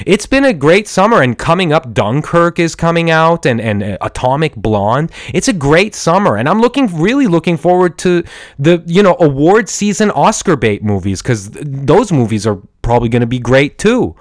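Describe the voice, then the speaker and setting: A man's voice: fairly high pitch, sing-song, normal speed, dry recording, studio quality. A man from Iran hosting a solo film podcast from home, rambling through his thoughts with many restarts, fillers and casual swearing. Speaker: podcast host and film reviewer. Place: at home with a dog. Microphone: studio microphone.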